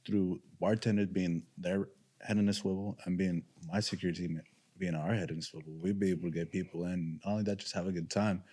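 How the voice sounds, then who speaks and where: A man's voice: sits low, fairly even intonation, a little fast, warm tone. A man guest on a casual interview, a security guard speaking plainly and sincerely.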